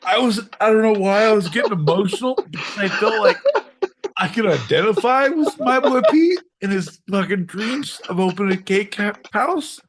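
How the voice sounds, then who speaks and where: A man's voice: high-pitched, lively intonation, moderate pace, slight background noise. A man co-hosting a live comedy podcast, ranting profanely through an improvised bit. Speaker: podcast co-host.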